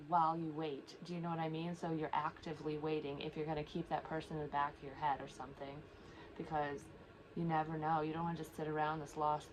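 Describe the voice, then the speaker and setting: A woman with a low voice speaks in a casual, rambling monologue to her viewers, blunt and full of swearing. Her delivery stays flat, with little rise and fall. Steady background noise sits under the recording. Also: rough recording. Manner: rambling, blunt and heavily profane; emotional, near tears at times. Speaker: psychic medium vlogger.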